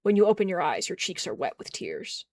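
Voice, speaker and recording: A streamer reading a narrative game aloud and chatting between passages in an expressive, jokey way. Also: medium pitch, a little fast, noisy background.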